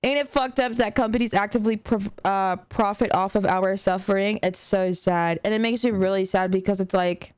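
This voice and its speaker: A woman's voice: mid-range voice, fairly even intonation, normal speed, hardly any pauses, darkish tone, clear, resonant tone, no room sound. A young adult woman streaming a reaction video, talking casually and earnestly to her chat with lots of slang, fillers and swearing. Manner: earnest, talks directly to chat.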